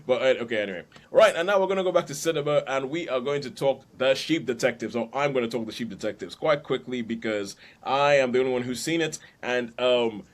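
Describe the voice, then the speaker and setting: A man's voice: medium pitch, fast talker, few pauses. A man hosting a podcast, chatting casually about films and laughing between points. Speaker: podcast host. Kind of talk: casual film review chat.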